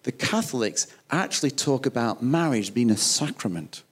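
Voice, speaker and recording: A man's voice: mid-range voice, animated, normal speed, slightly rough. A man preaching a sermon, emphatic and conversational, acting out little quoted dialogues. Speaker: pastor.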